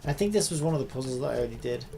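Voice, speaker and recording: A man's voice: medium pitch, lively intonation, very fast, gravelly, dark tone. A man streaming a game, ranting at it in sarcastic, profane commentary.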